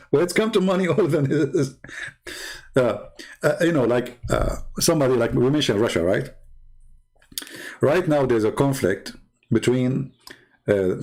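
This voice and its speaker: A man's voice: on the high side, darkish tone. A man hosting his channel, giving casual political commentary in a sarcastic, mocking tone and laughing often. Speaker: channel host.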